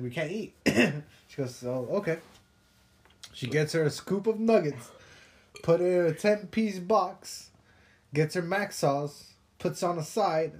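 A man's voice: fairly high pitch, lively intonation, slow pace, pauses often, darkish tone. A young man telling casual, profane work stories on a podcast with a laid-back, laughing manner. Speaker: podcast co-host. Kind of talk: casual storytelling chat.

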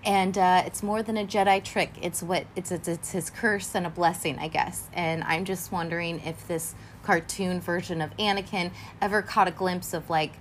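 A young woman chatting casually as she reacts to an animated film, rambling with lots of fillers and frequent swearing, sounding tired. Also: on the low side, normal speed, hardly any pauses, a little hiss or hum. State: tired and yawning. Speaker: first-time viewer reacting to an animated film.

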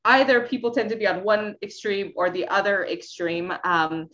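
A woman on a podcast walks through information she has looked up, in a steady, explanatory way. Her voice sits at a middling pitch, and the recording sounds a little muffled. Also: moderate pace. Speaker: co-host sharing research. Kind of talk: casual podcast chat.

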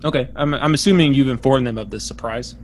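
Man, game master, tabletop game, quick casual talk, faint background ambience. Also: medium pitch, slight background noise.

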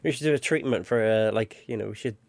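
A man with a fairly low voice chats loosely on a podcast, cracking jokes and wandering through his points with ums. The sound is dry and close, with no room around it. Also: fast talker, vocal fry, darkish tone, no echo. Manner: joking, rambling with fillers. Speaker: podcast co-host. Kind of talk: casual chat.

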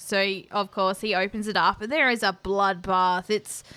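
A woman casually recapping a movie with a co-host, sarcastic and quick with quips. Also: medium pitch, steady tone, sharp tone, clear, resonant tone, no echo. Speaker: podcast co-host.

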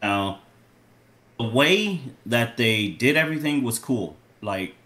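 A man's voice: medium pitch, lively intonation, slow, sharp tone. A man co-hosting a podcast, casually reviewing a wrestling match and giving it scores, rambling with likes and you-knows. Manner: rambling with fillers, giving ratings. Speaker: podcast co-host.

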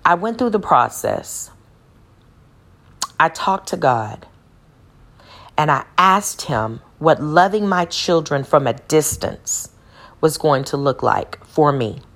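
A woman's voice: low-pitched, expressive, takes it slowly, long pauses, fairly bright tone. A woman from Texas telling a personal faith testimony in an earnest storytelling way, retracing details aloud as she goes. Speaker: speaker sharing a testimony.

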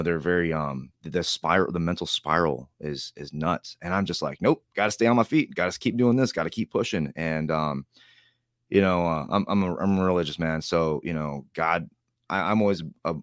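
Man, interview guest, very low pitch, rambling storyteller, acts out quotes, dry recording. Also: no echo.

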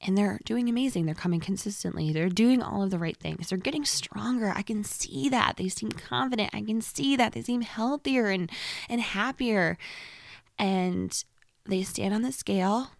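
A young woman coaching fitness in a casual podcast talk, energetic and chatty, sometimes dropping to a whisper for emphasis. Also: medium pitch, moderate pace, creaky, no room sound.

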